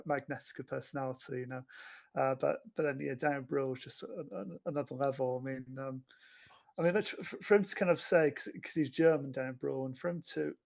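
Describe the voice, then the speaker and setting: A man's voice: mid-range voice, vocal fry. A man chatting casually about films as a podcast co-host, rambling with many fillers and restarts. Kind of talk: casual film chat.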